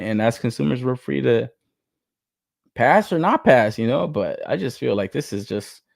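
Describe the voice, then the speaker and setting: A man's voice: medium pitch, gravelly, a little mellow, no echo, clean studio sound. A young man hosting a casual podcast, ranting with lots of swearing and laughter, exasperated. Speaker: podcast host. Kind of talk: casual rant about toys.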